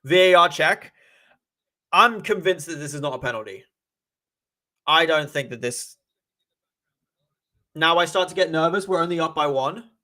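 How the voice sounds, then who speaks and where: Young guy doing a live footy watch-along, kinda high voice, gets worked up and repeats himself a lot. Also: normal speed, pauses often. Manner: excitable, stammers and repeats himself when agitated. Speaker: football fan livestreamer.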